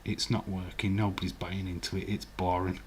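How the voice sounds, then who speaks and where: A man's voice: low-pitched, flat delivery, normal speed, a little hiss or hum. A man hosting a live stream, chatting casually and rambling while he answers viewer comments and laughs often. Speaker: livestream host. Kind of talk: casual live watch-along chat.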